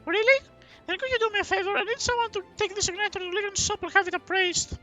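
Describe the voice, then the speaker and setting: A man voicing an eager, chatty monastery trader in a high falsetto, reading game dialogue aloud. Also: steady tone, quick pace, pushed and bright, faint music behind.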